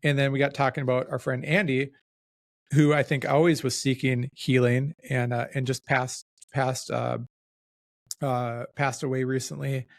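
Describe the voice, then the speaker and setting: Podcast host: man, gravelly voice, reflective and self-deprecating, casual, dry close sound. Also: medium pitch, little pitch movement, normal speed, dry recording. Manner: reflective, self-deprecating, talks in loose restarts.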